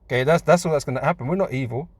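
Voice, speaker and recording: Male preacher, mid-pitched, loose street-talk delivery, laughs between points, dry sound. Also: rapid-fire, no room sound. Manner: casual, says "man" a lot, laughs between points. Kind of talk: scripture teaching.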